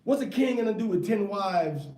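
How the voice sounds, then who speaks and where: A man's voice: high-pitched, lively intonation, moderate pace, dark tone, a little hiss or hum. A man teaching a casual scripture class. He fires rhetorical questions at his students in a loose, slangy way. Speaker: Bible teacher. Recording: echoey room, mic far off.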